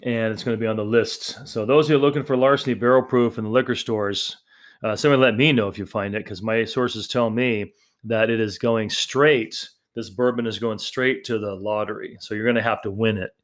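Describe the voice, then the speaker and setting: A man with a fairly low voice talks casually on his own podcast. He rambles in a friendly, chatty way, doubling back on his words and filling pauses as he goes. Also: fairly even intonation. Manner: rambling, chatty, frequent fillers and restarts. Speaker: podcast host. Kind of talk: casual solo podcast talk.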